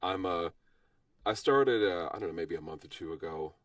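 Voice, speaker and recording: A man with a husky voice, hoarse from a cold, chatting modestly as a guest on a livestream and pausing often with fillers. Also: deep voice, expressive, fairly bright tone, no echo, recorded from a distance. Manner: modest, halting with frequent fillers. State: hoarse from illness. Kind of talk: casual chat.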